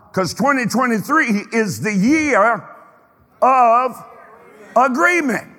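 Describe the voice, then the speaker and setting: A man's voice: extremely high pitch, a bit bright. A man preaching a sermon to his congregation, emphatic, stretching out phrases and firing questions at his listeners. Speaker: pastor. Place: church sanctuary. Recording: reverberant hall.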